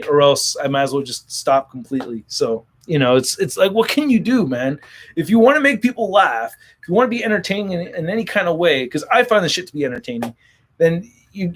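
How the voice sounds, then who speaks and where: A man hosting a casual livestream, reading viewer comments and joking in a rambling, profane way. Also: fairly high pitch. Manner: rambling, profane, jokey, many restarts. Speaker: toy collector channel host.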